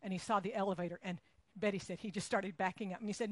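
Telling a lengthy story to lead into her sermon's point, a woman preacher speaks fast in a mid-range voice. She's lively and conversational, taking on the voices of the people in the tale. The recording is dry and close.

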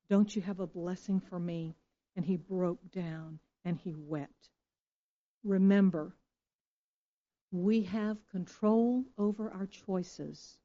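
A woman's voice: fairly low pitch, mellow. A woman pastor preaching a sermon with emphatic delivery and frequent rhetorical questions. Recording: dull lo-fi recording.

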